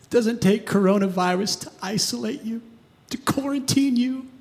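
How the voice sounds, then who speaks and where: A man's voice: very high voice, moderate pace, creaky, in a large hall. A man preaching a sermon as pastor, emphatic and asking the congregation questions. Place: church sanctuary.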